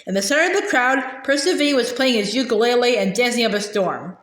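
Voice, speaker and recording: A woman's voice: a little high, expressive, fairly quick, a bit bright. Woman reading a storybook aloud, echoey. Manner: reads aloud with small slips and restarts. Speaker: reader of a children's novel. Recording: echoey room.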